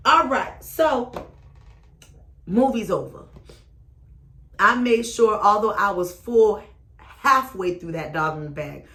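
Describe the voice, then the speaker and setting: A woman telling a story, sassy and expressive, rising to loud exclamations and then dropping low. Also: slow pace, pauses often. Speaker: storyteller vlogger. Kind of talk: animated personal storytelling.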